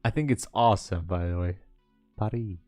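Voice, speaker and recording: Faint music plays behind a man hosting a live trading stream, recorded with no room sound. His deep voice keeps a measured pace as he rambles, chatting casually and hesitantly with his viewers.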